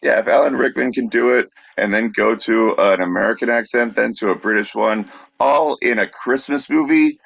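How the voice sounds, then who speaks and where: A man's voice: mid-range voice, normal speed, gravelly, fairly bright tone, no echo. A man co-hosting a podcast from Brooklyn, with a dry, teasing manner and plenty of fillers. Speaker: podcast co-host. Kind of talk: casual podcast banter and sign-off. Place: Brooklyn, New York. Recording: dry, dull lo-fi sound.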